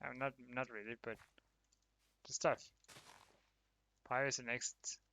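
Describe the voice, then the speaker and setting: A man's voice: mid-range voice, fairly even intonation, slow, bright, forceful tone. A man chatting casually with viewers while streaming a game, laughing often and talking to his chat. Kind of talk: casual livestream commentary while gaming.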